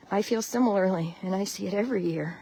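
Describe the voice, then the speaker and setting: A woman's voice: medium pitch, dark tone, husky, no room sound. Chatty Connecticut woman streaming from her chicken run. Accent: Connecticut (American). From Connecticut, USA. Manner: chatty, greets viewers by name, laughs often. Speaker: backyard chicken keeper, livestream host. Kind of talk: casual live stream chat. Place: outdoor chicken run in snow.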